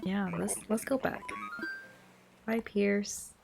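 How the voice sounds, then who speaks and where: A woman giving relaxed late-night gameplay commentary, rambling, chatting to the game's characters, and often apologizing with self-deprecating asides. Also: medium pitch, slow, gravelly. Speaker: gaming vlogger. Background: soft background music.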